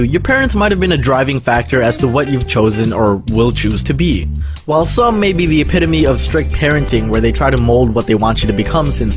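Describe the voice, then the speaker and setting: Wry young man over background music. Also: medium pitch. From Canada. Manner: wry, conversational, joking asides. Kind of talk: scripted personal monologue. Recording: played video clip with music behind.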